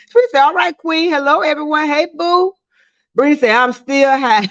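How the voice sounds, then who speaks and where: A woman's voice: a little high, no room sound. Chatty woman reading live chat. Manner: chatty, laughs often, reads comments aloud. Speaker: livestream host reading viewer comments. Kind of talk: casual livestream chat. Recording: dry, slightly dull lo-fi sound.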